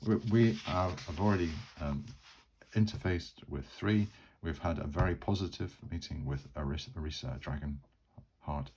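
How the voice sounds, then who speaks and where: Male host, extremely low voice, chatty and rambling as he runs a solo tabletop game, faint hiss behind. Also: darkish tone. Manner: rambling, with many fillers and restarts. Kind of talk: casual solo tabletop narration.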